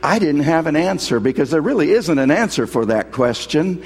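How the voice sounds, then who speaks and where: A man's voice: on the high side, lively intonation, normal speed, slightly rough, long reverb tail. A man preaching a sermon as a pastor, earnestly telling stories and quoting scripture. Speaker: pastor and hospital chaplain.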